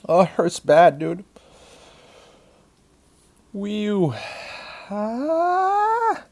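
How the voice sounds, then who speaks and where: A man narrating a commentary track over his own video in a casual, profane style. He groans, hums and sighs as the heat of the chili peppers hurts him. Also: on the high side. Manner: casual, swears often, groans and hums through pain.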